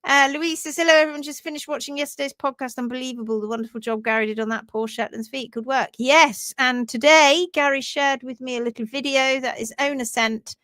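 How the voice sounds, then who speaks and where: Brief: chatty woman, middle-aged, livestream host, slightly high voice, dry recording. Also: steady tone, brisk, hardly any pauses, pushed and bright, no room sound. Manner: chatty, reads out viewer greetings. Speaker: livestream host and hoof care educator. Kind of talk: casual livestream talk.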